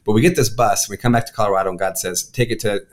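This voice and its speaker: A man, a pastor, telling his life story in casual conversation, rushing with repeated words and restarts. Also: lowish voice, fairly even intonation. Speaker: pastor and guest. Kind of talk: casual spoken testimony.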